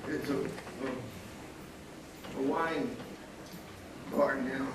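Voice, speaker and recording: A man's voice: mid-range voice, very slow. Older man telling a wry story, echoey hall. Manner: wry, anecdotal, chuckling often. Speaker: panelist, former student photographer. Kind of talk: storytelling at a panel talk. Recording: echoey hall, distant mic, audible noise.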